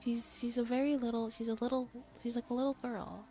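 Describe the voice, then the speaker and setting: Rambling young woman streamer, soft-spoken. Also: fairly high pitch, little pitch movement, brisk, faint music behind. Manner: rambling, lots of fillers, swears casually. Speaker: streamer reading a novel aloud. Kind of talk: casual soft-spoken commentary.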